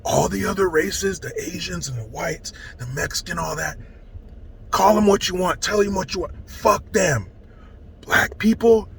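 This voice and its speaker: A man's voice: sits high, sing-song, a little slow, creaky, a bit bright, a little hiss or hum. A man giving a profane, sarcastic rant as an online commentator, mocking as he goes. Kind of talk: ranting commentary.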